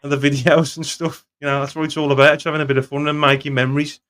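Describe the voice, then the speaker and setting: A man hosting a casual chat, encouraging his guest warmly and calling him mate. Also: fairly high pitch, little pitch movement, rapid-fire. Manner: encouraging, chummy, lots of "mate".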